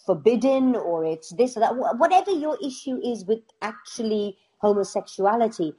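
Middle-aged british woman, laughing storyteller, mellow warm tone. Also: a little high, expressive, normal speed. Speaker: actress guest. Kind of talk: casual interview chat.

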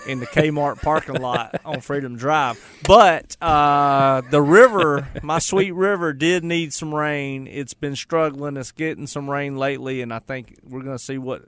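A man's voice: a little high, a little slow, a bit bright. A man with a Southern US accent co-hosting a radio show, telling rambling, joking stories in casual banter.

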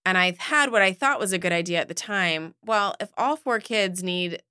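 A woman's voice: on the low side, normal speed, clear, resonant tone. A woman co-hosting a podcast, telling a family story in casual chat and acting out the people in it. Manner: animated storyteller, acts out voices. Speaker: podcast co-host.

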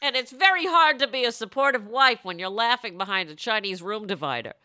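Bright-voiced woman hosting a comedy podcast, jokey and bouncy, dry close sound. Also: fairly high pitch, lively intonation, brisk, smooth, no echo. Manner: playful, laughs often, slips into silly voices. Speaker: podcast host.

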